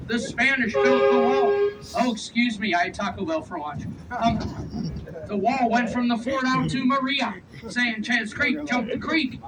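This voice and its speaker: A playful male tour guide with a fairly high voice, picked up from a few rows back on a phone. He cracks jokes at his passengers between facts, over a steady engine and street rumble. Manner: playful, teasing passengers, quick asides. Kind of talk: joking guided tour commentary over a speaker. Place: open-air tour train outdoors. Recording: distant voice over vehicle noise. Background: vehicle rumble and street ambience.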